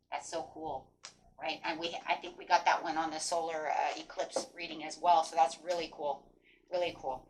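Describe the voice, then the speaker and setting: A woman giving a casual spoken tarot reading, animated and encouraging, mixing card text with chatty asides and acted-out quotes. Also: lowish voice, normal speed, rough recording. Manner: acts out quoted inner voices. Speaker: tarot reader.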